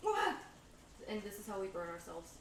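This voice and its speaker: A woman's voice: mid-range voice, big pitch swings, moderate pace, slight background noise. A woman chatting casually through a cooking livestream, playful and bubbly as she talks to her viewers. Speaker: streamer.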